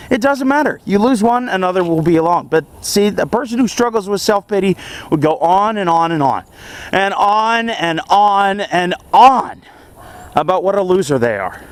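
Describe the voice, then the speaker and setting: High-voiced young man giving earnest advice. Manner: earnest and animated, with frequent chuckles. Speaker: vlogger. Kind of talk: casual self-help monologue.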